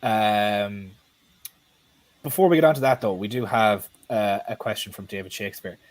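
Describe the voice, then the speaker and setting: A man's voice: fairly low pitch, normal speed, dry recording. A man co-hosting a live stream, chatting bluntly and casually and swearing now and then.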